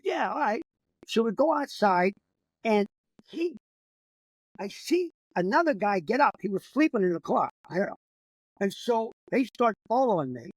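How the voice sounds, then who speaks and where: A man's voice: high voice, very animated, normal speed, long pauses, no room sound, rough recording. An older man, a comedian, telling a rambling, profane story in casual conversation. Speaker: comedian guest.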